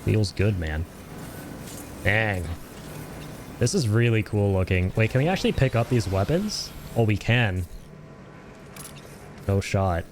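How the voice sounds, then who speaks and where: A young man casually commenting on his own gameplay as a streamer, relaxed and chatty, and laughing often. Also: on the low side, a little slow, long pauses, noisy background.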